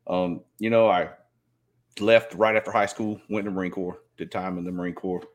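A man's voice: low voice, flat delivery, brisk. A man, rambling casually as a podcast guest and filling his talk with "you know". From Southeast Georgia. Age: 50s. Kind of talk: casual chat.

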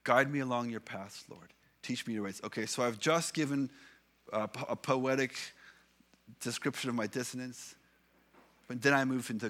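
A man preaching a sermon in an earnest way, building emphasis with repeated phrases and slowing down to read scripture aloud. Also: mid-range voice, fairly bright tone. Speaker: pastor.

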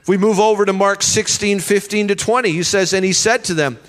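A high-pitched man in his thirties preaching with strong emphasis, calling the congregation to repeat his words. His voice rings with the long reverb of a church hall. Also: steady tone, brisk. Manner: emphatic preaching with call-and-response. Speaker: pastor. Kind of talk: sermon.

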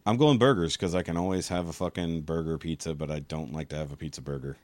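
A man's voice: very deep voice, fast talker, darkish tone, no room sound. A man hosting a casual podcast chat, reading out questions bluntly and swearing freely. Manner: profane, blunt.

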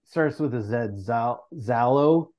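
A man talking loosely on a podcast, his voice at an ordinary middle pitch. He rambles and laughs a lot, dropping swear words into long, winding explanations. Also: slow pace, darkish tone. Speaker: guest presenter. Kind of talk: casual podcast chat.

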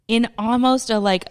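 A woman's voice: on the high side, clean tone. A woman co-hosting a podcast, chatting casually and laughing as she recaps a movie, swearing freely. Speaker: podcast co-host.

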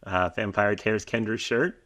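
A podcast co-host casually recapping a TV episode, talking in an animated way and laughing readily. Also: medium pitch, normal speed.

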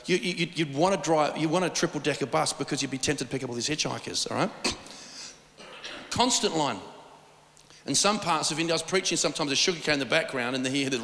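A man preaching a sermon, telling stories in an animated, rambling way with lots of restarts. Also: a little high, quick pace. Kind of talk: sermon with storytelling. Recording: long reverb of a large hall.

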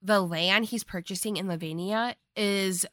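A woman's voice: medium pitch, a little slow, fairly bright tone, dry recording, clean studio sound. A woman co-hosting a podcast, steadily retelling a movie plot in casual chat and agreeing often with her partner. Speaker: podcast co-host.

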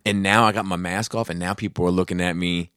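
Man, casual co-host, rambling, bright and forceful tone. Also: deep voice, fairly even intonation, fast, clean tone, no room sound, studio quality. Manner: rambling, heavy on fillers and swearing. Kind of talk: casual chat.

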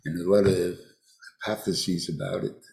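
An older man teaching a Torah class in a halting way, often restarting and mixing in Hebrew terms. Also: low voice, level tone, gravelly, heavy background noise. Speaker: rabbi teaching a weekly class.

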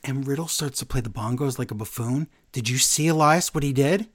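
With a medium-pitched voice and a slightly fast pace, a podcast co-host animatedly recaps wrestling in a relaxed chat, doing quotes in playful voices.

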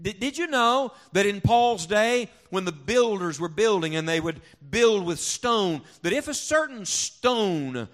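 A pastor delivers a sermon from the pulpit to a congregation in the church sanctuary, his somewhat high voice sing-song and a little slow, with few pauses. He repeatedly poses rhetorical questions and gets people to respond aloud, moving from forceful, loud stress to quiet, low contemplation.

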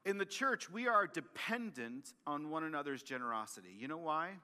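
A male pastor preaching a sermon, animated and emphatic, often repeating and restarting his phrases. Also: on the high side, normal speed, smooth, long reverb tail.

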